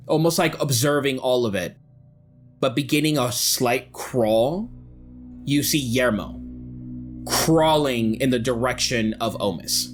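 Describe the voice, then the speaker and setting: A young adult man narrating a tabletop game as game master, with measured, descriptive delivery. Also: medium pitch.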